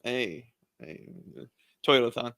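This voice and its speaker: A man's voice: medium pitch, slow pace. A man co-hosting a podcast, telling a story in a casual chat and laughing through it. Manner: laughs through his stories, excitable. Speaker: podcast co-host.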